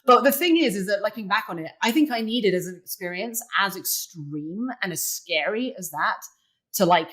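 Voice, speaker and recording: A woman's voice: medium pitch, normal speed. A young adult woman, a guest in an interview, telling a personal story casually and filling it with "like". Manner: chatty, many "like" fillers, animated retelling. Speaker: interview guest, poker player.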